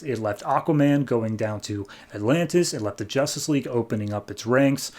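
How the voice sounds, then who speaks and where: A man from the United States hosting a podcast, casually recapping and reviewing comic book issues, jumping into quick character voices as he retells scenes. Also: mid-range voice. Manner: animated retelling, voicing characters in quick bursts.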